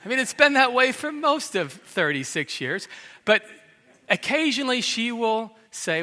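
A man's voice: extremely high pitch, big pitch swings, measured pace, bright, forceful tone. A middle-aged man preaching a sermon, telling the story dramatically and acting out the quoted lines. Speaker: pastor. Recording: long hall reverb.

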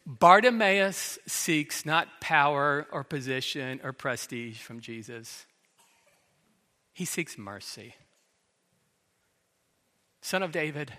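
A man's voice: mid-range voice, expressive, slow, pauses often, bright, forceful tone. A middle-aged man preaching a sermon, telling the story dramatically and acting out the quoted lines. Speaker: pastor. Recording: long hall reverb.

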